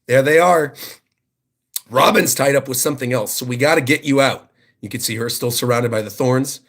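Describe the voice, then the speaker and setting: A man hosting a livestream who reacts excitedly to a new manga chapter and reads the panels aloud. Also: mid-range voice, normal speed. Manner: excited, enthusiastic commentary.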